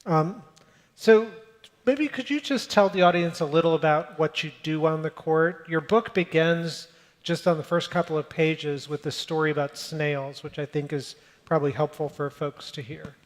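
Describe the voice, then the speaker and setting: A man moderating an onstage conversation before a live audience, speaking in a friendly, brisk way with frequent "um"s. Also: a little high, fairly even intonation. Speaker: interviewer and moderator. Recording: long hall reverb.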